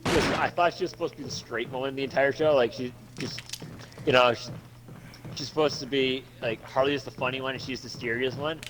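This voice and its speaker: A man chatting casually while playing a game, rambling and excitable, swearing freely and tripping over his words. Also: medium pitch, a little fast. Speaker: gameplay commentator.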